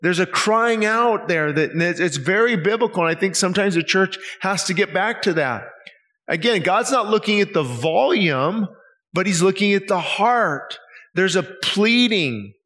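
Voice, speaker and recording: Male pastor, slightly high voice, earnest and pleading sermon delivery, lots of rhetorical questions. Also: expressive, moderate pace, fairly bright tone. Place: church service.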